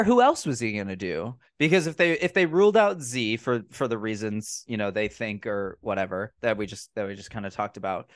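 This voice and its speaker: A man hosting a casual movie review podcast, recapping scenes in a profane, mocking, animated way. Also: fairly low pitch, dry recording, studio quality. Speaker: podcast host.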